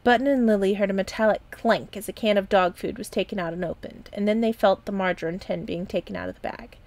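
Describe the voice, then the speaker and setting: Soft-spoken woman reading a children's book. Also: medium pitch, animated, quick pace. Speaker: storyteller.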